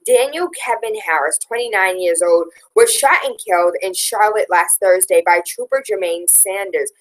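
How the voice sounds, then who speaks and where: A woman radio talk show host reads news items aloud, then riffs on each with opinionated, sarcastic commentary. Her voice is medium-pitched at a moderate pace, and the recording is low quality.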